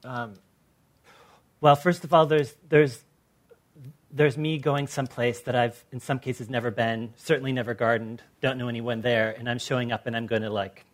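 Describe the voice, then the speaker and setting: American man telling lively stories. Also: mid-range voice, normal speed. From Los Angeles. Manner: animated storyteller who acts out quoted people. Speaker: artist on a panel. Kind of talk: panel discussion.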